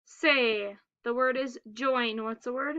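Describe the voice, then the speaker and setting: A woman teaching a phonics lesson to young children, giving slow and carefully enunciated word prompts. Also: a little high, steady tone, sharp tone, smooth, lo-fi sound.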